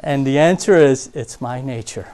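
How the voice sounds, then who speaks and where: A man preaching a sermon in a church, telling stories and swinging from loud emphasis to quiet asides. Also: medium pitch, moderate pace.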